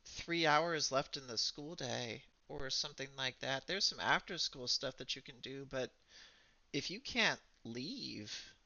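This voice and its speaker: A man voicing a shy middle-school boy who speaks in hesitant, halting bursts. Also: medium pitch, expressive, gravelly, bright, forceful tone, dry recording, lo-fi sound, heavily acted. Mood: earnest.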